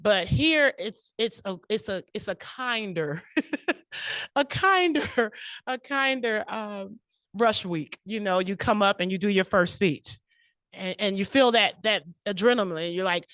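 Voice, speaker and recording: A woman's voice: mid-range voice, animated, measured pace, fairly bright tone, dry recording. Emotional woman giving a club speech. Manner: personal, laughing often, emotional. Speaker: club speaker. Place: meeting room.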